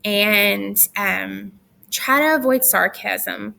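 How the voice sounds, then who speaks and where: Bright-voiced woman teacher, chatty and firm. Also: medium pitch, drawn-out words, creaky. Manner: chatty, firm, with teasing asides. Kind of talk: recorded class instructions.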